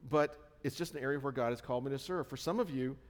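A male pastor delivering a chatty, self-deprecating sermon and regularly checking in with his listeners. His voice sits at a middling pitch. It rings out with a long reverb in a large church hall. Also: quick pace. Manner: conversational, self-deprecating, checks in with "all right?". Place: church sanctuary.

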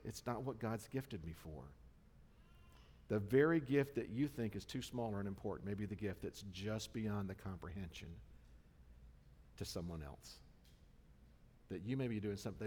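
A man preaches a sermon in a church sanctuary, speaking conversationally, poking fun at himself and often checking in with the congregation. His voice is fairly low and slightly rough, with a dark tone and a moderate pace. The hall adds a long reverb.

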